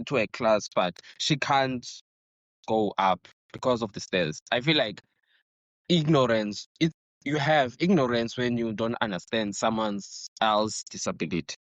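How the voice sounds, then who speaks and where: Man, podcast host, earnest, halting, restarts sentences, mid pitch, dull dry sound. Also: lively intonation, dry recording. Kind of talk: casual interview conversation.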